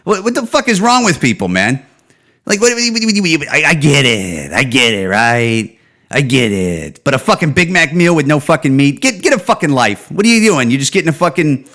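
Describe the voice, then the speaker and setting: Profane rambling podcast man. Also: a bit bright. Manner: profane, rambling, trails off with low "dude" and "man". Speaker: podcast host. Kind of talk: casual solo rant.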